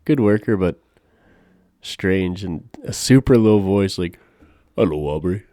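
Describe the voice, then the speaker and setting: A man with a fairly low, mellow voice trades stories on a podcast, relaxed, profane and quick to laugh. The sound is close and dry. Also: dry recording. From Canada. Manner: laid-back, laughs often, profane. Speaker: podcast co-host. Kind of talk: casual chat.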